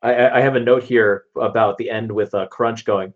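A man's voice: on the low side, fairly even intonation, normal speed, muffled recording. A man chatting casually on a podcast about a cartoon episode, rambling with lots of restarts and fillers. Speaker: podcast co-host.

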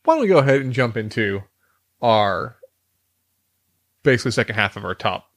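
A man's voice: lowish voice, very animated, normal speed, no echo. A man co-hosting a podcast in casual chat, rambling and hesitant, with lots of fillers. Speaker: podcast co-host.

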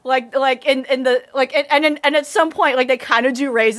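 High-voiced woman rambling about an anime, laughs a lot, swears. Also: quick pace, hardly any pauses, a bit bright. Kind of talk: casual anime review chat.

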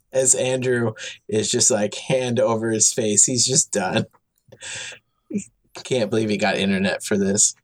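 A man's voice: fairly low pitch, fairly even intonation, takes it slowly, pauses often. A man co-hosting a casual podcast chat, giggling and rambling on past the wrap-up. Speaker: podcast co-host.

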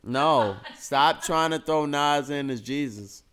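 A man hosting a casual podcast chat, loud and playful, hyping up his guests. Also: on the high side, slow, clean tone. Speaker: podcast host.

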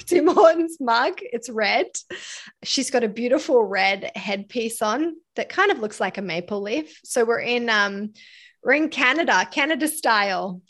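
A woman's voice: fairly high pitch, fairly bright tone. Upbeat woman podcast host, mixed accent. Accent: mixed, mostly Australian. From Australia. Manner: upbeat, laughing easily. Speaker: podcast host, coach and dietitian. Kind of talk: podcast interview.

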